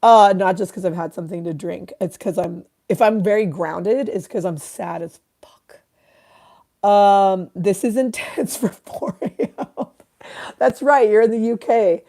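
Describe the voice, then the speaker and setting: A woman's voice: medium pitch, unhurried, mellow. Rambling, foul-mouthed livestream host woman. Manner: rambling, swears freely, reads out chat comments. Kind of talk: casual livestream chat.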